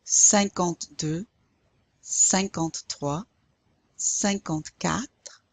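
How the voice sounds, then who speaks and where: A woman's voice: sits low, darkish tone, dry recording. A woman teaching a recorded language lesson, carefully modeling pronunciation for learners to repeat. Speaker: French teacher.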